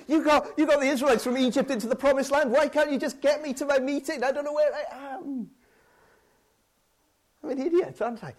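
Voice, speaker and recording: A man's voice: very high-pitched, fairly quick. A man with a British accent preaching a sermon, conversational and self-deprecating, acting out his own frustrated outbursts.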